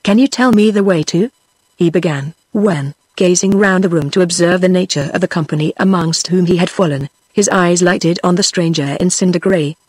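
A synthetic woman's voice with a British accent, reading a story aloud in a steady, machine-like way and sometimes speaking punctuation marks. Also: fairly low pitch, normal speed, breathy edge, dry recording. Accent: British English. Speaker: audiobook narrator. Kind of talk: text-to-speech book reading.

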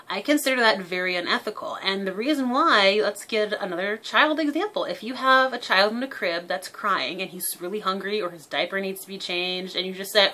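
Young woman, bright sharp voice, chatty vlog explaining stuff with examples. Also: mid-range voice. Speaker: parrot owner giving behavior tips.

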